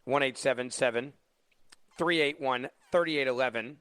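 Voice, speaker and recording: A man hosting a talk radio show as fill-in, mocking and animated, taking callers. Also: mid-range voice, normal speed, clear, resonant tone, no echo. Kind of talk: opinionated talk radio monologue. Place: radio studio. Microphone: studio microphone.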